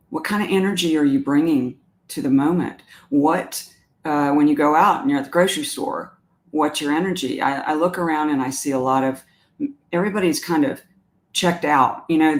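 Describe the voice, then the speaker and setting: A woman with a Southern US accent hosts a live stream in a chatty, meandering way, reading viewer comments aloud and talking them through. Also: low voice. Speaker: animal communicator hosting a live stream. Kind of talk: casual live-stream talk.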